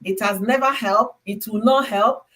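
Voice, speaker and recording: A Nigerian woman hosting a casual chat, talking in an animated, emphatic way. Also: mid-range voice, moderate pace. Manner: animated, emphatic, slips into acted quotes. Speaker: host.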